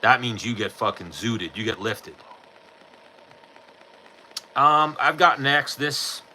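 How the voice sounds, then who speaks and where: Blunt, sharp-voiced New guy. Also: medium pitch, animated, takes it slowly, a little hiss or hum, low-quality recording. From New York. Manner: blunt, profane, offhand. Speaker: podcast host answering live chat. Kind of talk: casual chat.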